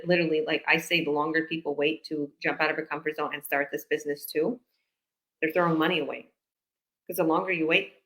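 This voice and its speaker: A Canadian woman business coach with a deep, slightly bright voice chats casually on a live video call. She rambles and acts out conversations in this live-stream talk.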